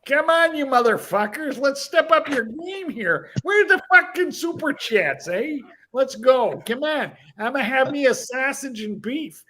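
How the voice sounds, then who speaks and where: A man's voice: very high voice, expressive, a little slow, few pauses, pushed and bright, slight background noise, pitched above the performer's own voice, full character voice. A man voicing a foul-mouthed, bossy mob enforcer who barks profane pep talks at a livestream audience. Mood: barking. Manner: profane barking pep talk.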